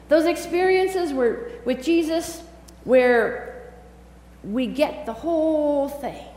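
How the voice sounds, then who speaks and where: A woman pastor preaching a sermon in a conversational, animated storytelling way. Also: sits high, roomy sound, in a large hall, low-quality recording. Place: church sanctuary.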